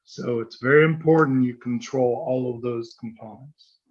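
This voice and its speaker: A man giving a fast-paced, conversational business training presentation at a chamber meeting, sometimes acting out sample phone dialogue. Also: mid-range voice, muffled recording. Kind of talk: seminar presentation.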